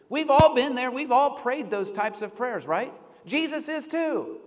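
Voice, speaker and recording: A male pastor preaching an earnest sermon, rising to pleading and then dropping to hushed reflection. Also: extremely high pitch, lively intonation, a little slow, hardly any pauses, big-room sound.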